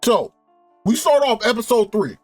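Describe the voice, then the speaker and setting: A young man with a high, bright speaking voice, rattling off a casual, profane TV recap. He laughs often and gets worked up as he talks. The sound is dry and close, with faint music underneath. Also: big pitch swings, moderate pace, no room sound. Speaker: TV show reviewer. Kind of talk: casual review rant.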